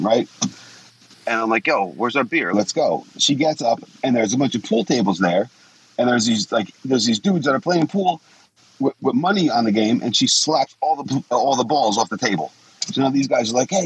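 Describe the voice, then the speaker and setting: A man's voice: mid-range voice, slightly rough, rough recording. A man in his forties telling stories bluntly, swearing a lot and acting out what people said. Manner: blunt, swears often, acts out quotes. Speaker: guest. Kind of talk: casual profane storytelling.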